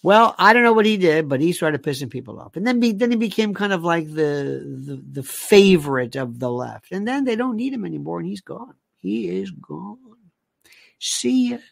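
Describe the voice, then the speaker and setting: A man's voice: high voice, sing-song, gravelly, no room sound. Sarcastic rambling man, dry sound. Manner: sarcastic, rapid-fire rhetorical questions, repeats himself. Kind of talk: rambling monologue.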